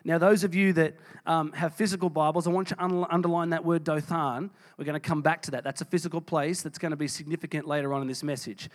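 Male pastor, high-pitched, emphatic sermon delivery. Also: steady tone, fast talker, few pauses. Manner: emphatic preaching, reading scripture aloud with dramatic voices.

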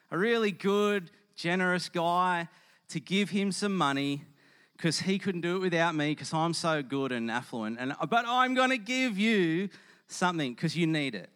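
A man's voice: high-pitched, a bit bright, smooth, big-room sound, pitched above the performer's own voice. A man putting on a pompous showy rich giver. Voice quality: pompous, self-satisfied. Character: smug showy rich man giving to beggar.

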